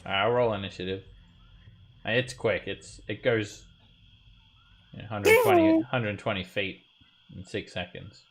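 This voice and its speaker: A man narrating as game master of an online tabletop game, halting with many fillers and restarts. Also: lowish voice, sing-song.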